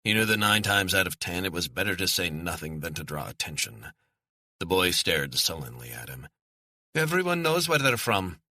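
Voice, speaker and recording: A man narrating a thriller audiobook in a measured, steady storytelling manner, on a close studio mic. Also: low voice, dry recording.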